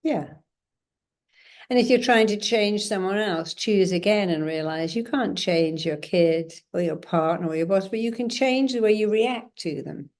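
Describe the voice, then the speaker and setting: A middle-aged woman, a therapist guest in an interview, acting out dialogue with lively shifts in her voice. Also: mid-range voice, measured pace. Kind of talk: conversational interview.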